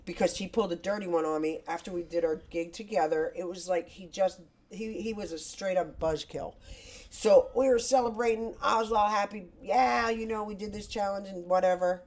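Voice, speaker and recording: A woman's voice: medium pitch, normal speed, darkish tone. A middle-aged woman, a podcast guest, chatting casually and telling stories in a blunt, candid way. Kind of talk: casual chat.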